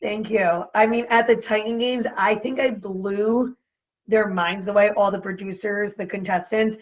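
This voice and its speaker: A young woman with a New Jersey accent, chatting as a podcast guest in a bubbly, animated way. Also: mid-range voice, dull audio. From New Jersey, USA. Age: young adult. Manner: bubbly, animated, quick to laugh. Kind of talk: casual interview chat.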